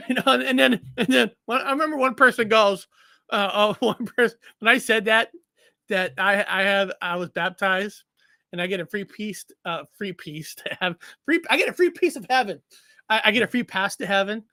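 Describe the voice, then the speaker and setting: A man's voice: high-pitched, normal speed, gravelly, bright, forceful tone, dry recording. A man in casual podcast chat, rambling with lots of repeated words and frequent laughs.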